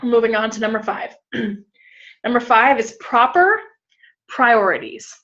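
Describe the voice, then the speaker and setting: A woman pastor speaking at a conference breakout session, her voice a little high. She talks frankly and keeps checking in with her listeners. The recording sounds slightly dull and muffled. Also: expressive, measured pace, fairly bright tone. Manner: direct, frank, with frequent "all right?" and "okay?" check-ins.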